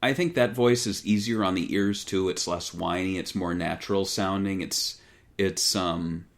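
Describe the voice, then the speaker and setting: Low-voiced man on a gaming podcast. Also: moderate pace. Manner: relaxed, jokey, tries out voices. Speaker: podcast host. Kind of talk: casual podcast chat.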